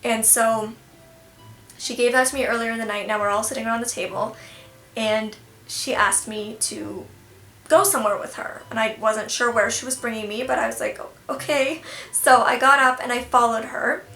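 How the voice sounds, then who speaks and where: A young woman vlogger telling a storytime tale in an animated, self-deprecating way, laughing at herself. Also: on the high side, moderate pace. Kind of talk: storytime vlog. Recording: echoey room, faint music.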